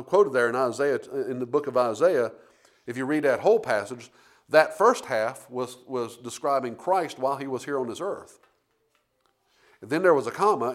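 A man preaching a sermon, rambling through restarts and then building to emphatic points. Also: medium pitch.

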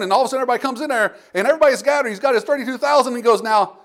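A man with a high voice delivering a sermon. He preaches conversationally, restarting phrases and acting out the people in the story. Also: very fast. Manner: conversational preaching with frequent restarts and acted-out quotes. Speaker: pastor.

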